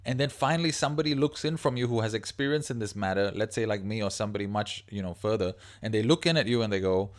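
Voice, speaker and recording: Low-voiced man rambling on a livestream. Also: quick pace, hardly any pauses. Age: adult parent of a young child. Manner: rambling, conversational, reads viewer comments aloud. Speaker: livestream host. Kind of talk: casual livestream talk.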